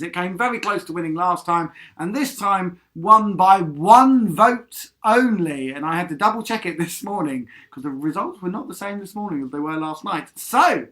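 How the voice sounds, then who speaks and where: Guitar plays behind this music leader as he runs a live-streamed sing-along lesson from home in Havering. His voice is high with a fairly bright tone, and he's chatty and encouraging, occasionally bursting into song.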